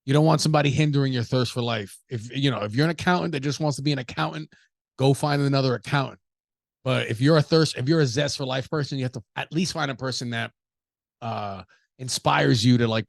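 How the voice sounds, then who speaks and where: A man's voice: medium pitch, vocal fry, no echo, studio quality. A young adult man from the United States hosting a podcast, riffing casually with profanity, jokes and rhetorical questions. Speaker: podcast host.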